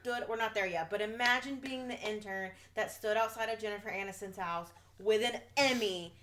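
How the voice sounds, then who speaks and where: A woman's voice: medium pitch, normal speed, a bit bright. A young woman co-hosting a podcast, chatting playfully and agreeing along. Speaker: podcast co-host. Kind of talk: casual chat.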